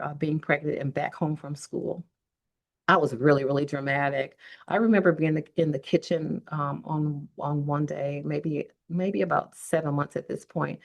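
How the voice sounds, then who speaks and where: Earnest low-voiced woman in her fifties. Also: vocal fry. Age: 50s. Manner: earnest, heartfelt, addresses listeners directly. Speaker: podcast host. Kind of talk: personal storytelling podcast.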